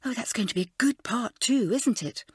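Woman doing an excited schoolgirl, gabbling, high-pitched, lively sing-song, storybook voice. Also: normal speed, husky, dry recording, studio quality. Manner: gabbling, breathless eagerness. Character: gushing excited schoolgirl chatterbox. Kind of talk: audiobook character voice.

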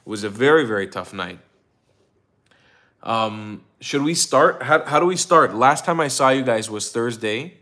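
A tired livestream host yawns but speaks in an animated, bright, forceful voice of medium pitch at a measured pace. His casual stream is full of rambling, restarts, and ums as he greets viewers from the chat by name.

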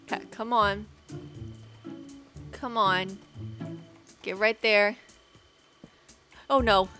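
A young woman giving excitable let's-play commentary, chatting to in-game animals and squealing when things go wrong. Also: a little high. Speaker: gaming video creator.

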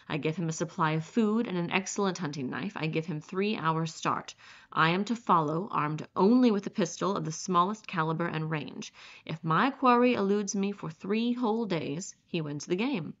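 Smug, polished aristocratic general who hunts men, read by a woman, low-pitched and condescending, muffled lo-fi sound. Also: moderate pace. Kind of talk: audiobook character reading.

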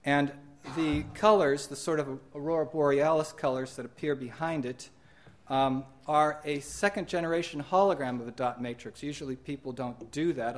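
A middle-aged man at medium pitch walks an audience through slides of his artwork. He speaks in an unhurried, halting way, often pausing on "um" and restarting his sentences. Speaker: holographic artist presenting his exhibition. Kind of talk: conference slide presentation.

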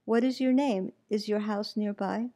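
A soft-spoken, kind male hermit, read by a woman in a mellow, warm voice. He speaks quietly and reassuringly, with gentle patience. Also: medium pitch, fairly even intonation, moderate pace, lightly acted.

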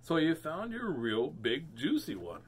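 A man voicing a playful male dolphin in a storybook, loud, high and bouncy. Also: wildly swooping pitch, measured pace, a little hiss or hum. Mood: excited.

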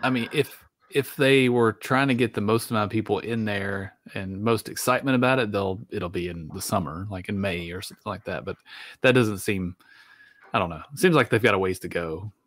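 A man's voice: fairly low pitch, a little fast, fairly bright tone, dry recording. A man co-hosting a podcast, chatting casually in a laid-back way. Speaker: podcast co-host. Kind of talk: casual chat.

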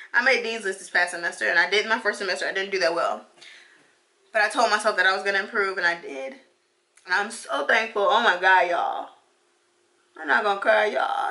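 A woman's voice: mid-range voice, sharp tone. A woman in her twenties, a beauty vlogger and law student, chatting casually while getting ready and talking emphatically, repeating phrases to drive her encouragement home. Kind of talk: casual get-ready-with-me chat.

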